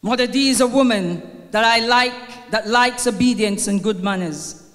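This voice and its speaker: A woman's voice: a little high, normal speed, fairly bright tone. An older woman with a Jamaican accent speaks at a funeral, tearful but earnest. She reads scripture in a lilting, churchly cadence. Her voice rings with the long reverb of a church hall. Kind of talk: heartfelt eulogy with scripture reading.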